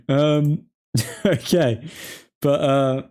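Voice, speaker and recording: Casually chatting on a live football watchalong, the male host rambles, laughs frequently and puts on jokey French phrases. His voice is a little high and warm.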